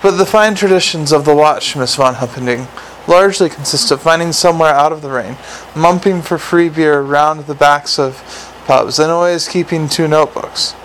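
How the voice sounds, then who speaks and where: A man's voice: on the high side, normal speed, fairly bright tone, slight background noise, lightly acted, poor audio. A man playing a curt, weary male police commander with a dry, prickly manner.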